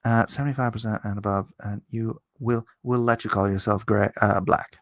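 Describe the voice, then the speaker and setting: A man's voice: normal speed, vocal fry, no room sound. Sarcastic rambling middle-aged man, dry sound. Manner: rambling and sarcastic, with indignant jumps up in pitch. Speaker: livestream host. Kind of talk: casual opinion monologue.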